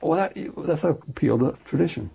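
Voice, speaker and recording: An older retired pastor talks fast and at length in an interview. His voice is gravelly, husky and dark. He rambles, corrects himself and acts out the people he quotes. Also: a little high, expressive. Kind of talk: interview storytelling.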